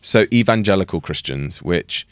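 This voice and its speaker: A man's voice: sits low, lively intonation, normal speed, smooth, dry recording, studio quality. A young man co-hosting a podcast, chatting casually and laughing often. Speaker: podcast co-host.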